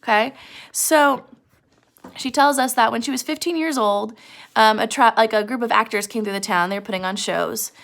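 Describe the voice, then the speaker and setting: A woman's voice: a little high, moderate pace, creaky. A woman teacher retelling a novel chapter to her class, acting out the characters' quoted lines. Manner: retells scenes with animated quoted voices.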